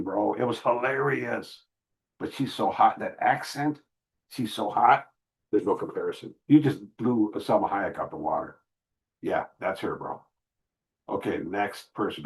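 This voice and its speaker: A man's voice: lowish voice, poor audio. A middle-aged man hosting a casual livestream Q&A, reading viewer messages aloud and answering candidly in street slang. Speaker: livestream host reading super chats.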